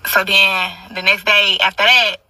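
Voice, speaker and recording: A young woman spins a brash, profane storytime monologue, forever throwing asides to her listeners. Her voice is very bright and cutting. She sits a bit back from the mic in a dry, dead room. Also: mid-range voice, level tone, unhurried, no echo, far from the mic, rough recording.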